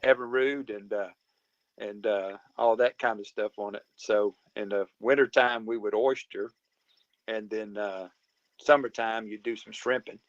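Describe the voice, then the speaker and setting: Halting, polite man. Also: lowish voice, fairly even intonation, no room sound, muffled recording. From Mobile County, Alabama. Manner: halting, many fillers and restarts, polite. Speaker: guest. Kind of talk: casual conversation.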